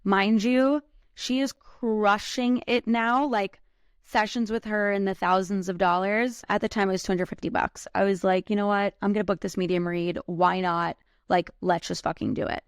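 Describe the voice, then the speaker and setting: A woman's voice: mid-range voice, fairly even intonation, normal speed, clear, resonant tone, dry recording, clean studio sound. A woman in her thirties hosting a podcast, telling a personal story casually with lots of "like" and some swearing. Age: 30s. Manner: casual, heavy use of "like", swears freely. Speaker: podcast host.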